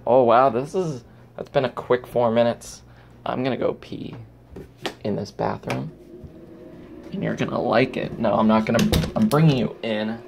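A young man vlogs at home into a handheld phone, rambling casually, talking to himself and hopping between topics. His voice is gravelly and medium-pitched at a moderate pace, with noise in the background.

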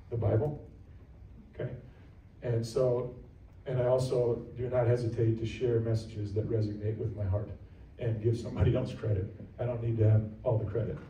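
A man preaches a sermon as a pastor, earnest and repetitive in his emphasis. His voice is mellow and warm. He is picked up from some distance away, in a roomy church with echo. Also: mid-range voice, a little hiss or hum. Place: church sanctuary.

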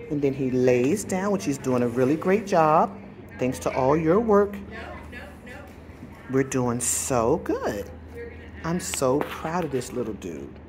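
A woman's voice: deep voice, darkish tone. A woman vlogging outdoors by a pool, talking to her dog in soothing praise and firm short commands. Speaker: dog trainer vlogging a training session. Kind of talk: casual vlog narration and talk to a dog.

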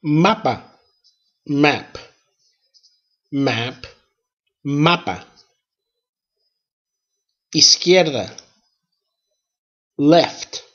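Slow, lively-voiced man teaching vocabulary. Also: on the high side, lo-fi sound. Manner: slow, deliberate pronunciation drills. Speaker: language teacher. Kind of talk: scripted lesson narration.

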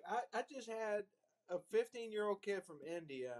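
A man chatting on a video call, telling an animated, profane story with incredulous retelling. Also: sits high, moderate pace. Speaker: video chat stranger. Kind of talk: casual storytelling.

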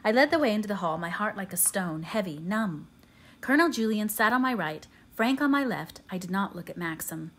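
A woman narrating an audiobook in a measured, quiet, steady way. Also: medium pitch. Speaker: audiobook reader.

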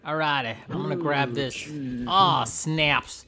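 A man hosting a gameplay video, giving playful, goofy commentary that keeps breaking into yelps and shouts. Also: a little high, lively intonation, measured pace, pauses often, soft background music. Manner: goofy, trash-talking, yelps and shouts often. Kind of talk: playful let's-play commentary.

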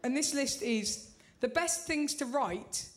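A woman's voice: high-pitched, expressive, takes it slowly. A young woman performing a stand-up comedy set in a club, chatty and often checking in with the crowd. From Britain. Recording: loud crowd noise in a club.

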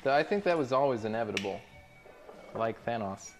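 A man's voice: medium pitch, lively intonation, brisk, loud music behind the voice. A man streaming, reading out chat messages and chatting casually in a laid-back, rambling way with frequent laughs.

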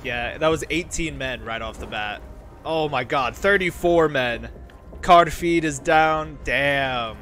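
Excitable man narrating a game battle. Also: mid-range voice, slow, slight background noise. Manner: excitable, frequent exclamations; rallies his game troops with shouted battle cries. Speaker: gaming video host. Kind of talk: gameplay commentary.

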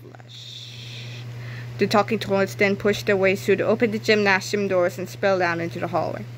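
A woman reading a children's book aloud in a lively, expressive way. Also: medium pitch, fast talker, a little hiss or hum. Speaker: narrator.

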